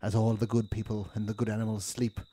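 A man improvising a solemn male night vet who talks to animals, in a grave, hushed, mock-dramatic tone. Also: on the low side, little pitch movement, fast talker, natural voice.

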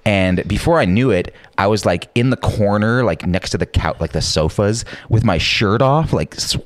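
A young man telling a rowdy anecdote in casual chat, swearing freely, full of filler words, and jumping into high voices for quoted lines. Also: animated, moderate pace, dry recording.

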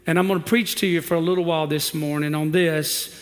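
In a church sanctuary, a male pastor preaches, leading the congregation in repeating scripture and telling funny stories with mounting emphasis. His voice is fairly high and steady, he talks fast, and the large hall echoes around him.

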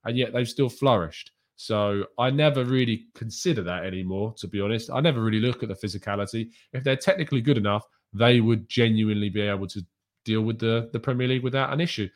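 A man's voice: lowish voice, fast. A man hosting a live fan stream from a small home room, reading chat questions aloud and answering in a candid, chatty way with frequent ums and asides.

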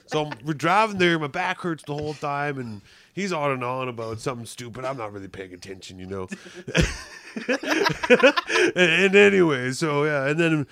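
A man's voice: on the high side, fairly bright tone, slight background noise. A man putting on the voice of a rowdy young man griping through a story about a bad night, rambling and indignant. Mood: aggrieved.

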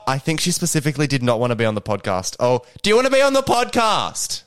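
A man's voice: mid-range voice, huge pitch swings, fast, clear, resonant tone. A man co-hosting a podcast in casual chat, joking and laughing often. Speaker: podcast co-host.

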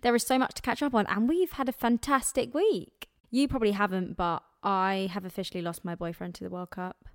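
A woman's voice: medium pitch, a little fast, hardly any pauses, no echo, studio quality. A young woman co-hosting a podcast, chatting casually, exclaiming and laughing often. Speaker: podcast co-host. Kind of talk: casual chat.

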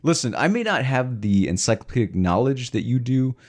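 A man's voice: medium pitch, sing-song, fairly quick. A man co-hosting a casual podcast, rambling with lots of fillers and teasing his co-host. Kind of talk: casual chat.

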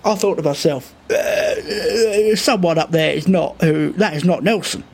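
Rambling man with lively high pitch. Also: a little slow, gravelly, husky. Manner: rambling, deadpan, stumbling restarts, swearing. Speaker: improv performer telling a tall tale. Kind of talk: improvised comic storytelling.

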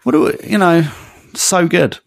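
A man's voice: high-pitched, animated, a little slow, gravelly. A man co-hosting a podcast, chatting casually, calling his co-host mate and laughing often. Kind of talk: casual chat.

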